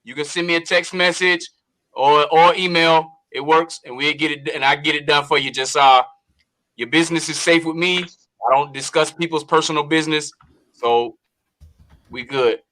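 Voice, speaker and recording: A man on an online panel promoting his tax services in a relaxed, repetitive way. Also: a little high, normal speed. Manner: promotional, easygoing, repeats phrases. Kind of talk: casual panel chat.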